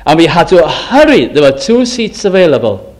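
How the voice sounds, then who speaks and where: Older man preaching in slow storytelling. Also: fairly high pitch, sing-song, darkish tone. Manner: storytelling, with slow emphatic phrases and self-deprecating asides. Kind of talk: sermon.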